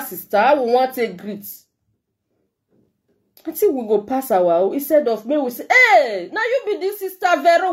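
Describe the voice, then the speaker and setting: A woman's voice: high voice, darkish tone. A middle-aged woman with a Nigerian accent, giving a heartfelt, emotional message to her followers as a vlogger. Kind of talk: emotional direct-to-camera message.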